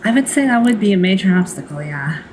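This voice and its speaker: A woman's voice: mid-range voice, lively intonation, quick pace, background noise. A woman in casual banter while streaming, sarcastic and teasing, swearing freely.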